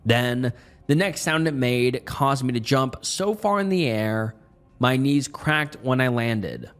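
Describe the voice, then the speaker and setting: Male horror narrator, mid-range voice, tense and measured pacing, light music bed. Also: medium pitch, lively intonation. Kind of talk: scripted narration. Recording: faint music underneath.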